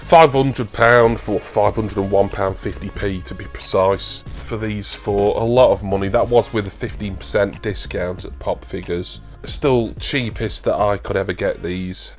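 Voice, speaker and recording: Chatty British man, low register, warm collector-vlog unboxing patter that tips into excited gushing; faint music underneath. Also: normal speed. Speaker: toy collector vlogger.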